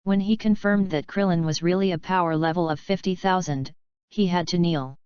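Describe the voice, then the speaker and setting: Low-voiced woman narrating a story. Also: moderate pace, a little mellow, clean tone, dry recording. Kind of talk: audiobook reading. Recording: dull lo-fi audio.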